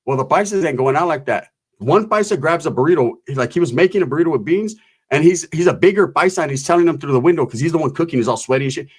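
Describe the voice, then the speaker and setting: A man spinning a rambling, profane story about a wild night out, tossing in "right?" after nearly every beat. His voice sits a little high, loose and conversational. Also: expressive, fast talker, husky. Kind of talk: casual comic storytelling.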